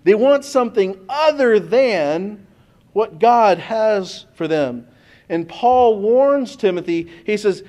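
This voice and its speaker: A man's voice: high-pitched, a little mellow. A pastor preaching a sermon to his congregation in a conversational way, speaking straight to the church.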